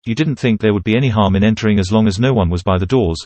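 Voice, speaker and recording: A man reading a second-person horror story in a measured, steady narrating voice. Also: on the low side, no echo.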